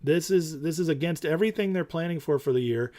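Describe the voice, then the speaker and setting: A man hosting a casual stock market talk show, animated and opinionated, who repeats his points for emphasis. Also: quick pace. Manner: mocks others in high put-on voices.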